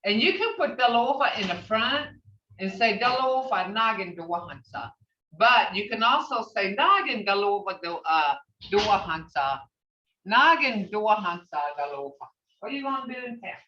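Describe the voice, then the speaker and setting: A woman teaching a language class over a video call, patiently saying phrases slowly and repeating them for her students. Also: medium pitch, animated, pushed and bright, a little hiss or hum. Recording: distant, roomy, dull video-call audio.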